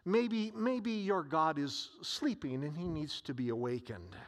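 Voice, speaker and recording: A man's voice: big pitch swings, normal speed, long reverb tail. A man voicing a male prophet who mockingly taunts his rivals, jeering in a raised voice. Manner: jeering, high and loud.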